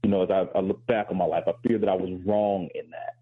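A man's voice: low voice, fairly even intonation, fast, slightly rough, phone-quality sound. A male professor on a talk show, speaking in a thoughtful, candid way with flashes of self-deprecating humor. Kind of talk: reflective talk-show discussion.

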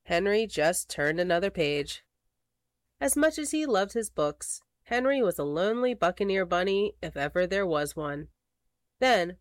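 Expressive woman reading a picture book. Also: mid-range voice, no echo, clean studio sound. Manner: expressive, slows for dramatic words. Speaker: storybook reader. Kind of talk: children's picture book read aloud.

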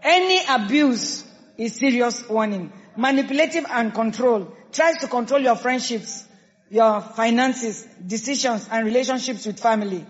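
A woman pastor with a Nigerian accent preaching a sermon, emphatic and lively, acting out quoted people. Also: on the high side, moderate pace. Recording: dull sound with long hall reverb.

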